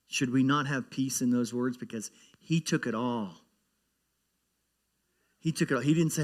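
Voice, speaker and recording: A man's voice: mid-range voice, steady tone, normal speed. Man preaching a casual, earnest sermon. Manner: conversational, repeats words, grows emphatic when preaching. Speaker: pastor.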